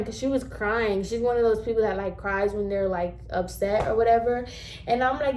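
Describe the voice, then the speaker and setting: Woman, twenties, vlogger, casual storytime, emphatic, fairly high voice. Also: moderate pace, a little hiss or hum. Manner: animated, emphatic, acts out the scenes.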